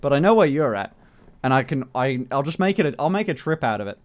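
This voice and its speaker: A man's voice: mid-range voice, sing-song, fast talker, noisy background. A young man livestreaming, chatting casually with his viewers, joking, swearing and laughing often. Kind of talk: casual chat reading out chat messages.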